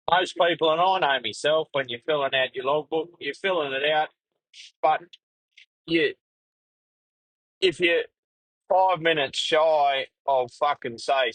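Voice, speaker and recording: An Australian man hosting a podcast on his own, blunt and foul-mouthed, wandering from gripe to yarn. His voice sits at an everyday middle pitch and comes through dry and close, with no room sound around it. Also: a bit bright, dry recording, rough recording. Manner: blunt, heavy swearing, rambling storyteller. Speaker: podcast host, truck driver. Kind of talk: casual solo podcast monologue.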